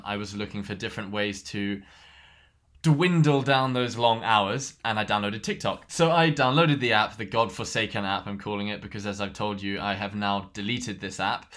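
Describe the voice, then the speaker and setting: Guy chatting on a podcast, bright voice, lively storyteller. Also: fairly low pitch. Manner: animated storytelling, laughs often. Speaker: podcast co-host. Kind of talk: casual chat.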